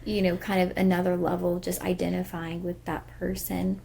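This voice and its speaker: A woman's voice: fairly low pitch, completely flat delivery, moderate pace, vocal fry, warm tone, slight background noise. A young woman co-hosting a podcast, talking earnestly in a rambling casual chat full of fillers. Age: young adult. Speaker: podcast co-host.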